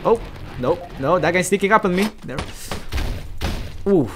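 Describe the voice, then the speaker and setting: Excitable man commentating a game. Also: high voice, fast, background noise. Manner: excitable, chatty, yelps and laughs at the game; talks directly to viewers. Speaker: let's play gamer. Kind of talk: gameplay commentary.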